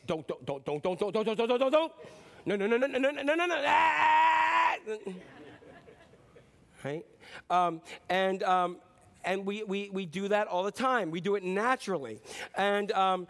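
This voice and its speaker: High-voiced preacher giving an animated sermon. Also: male voice. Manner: animated, acts out voices and repetitions. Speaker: pastor.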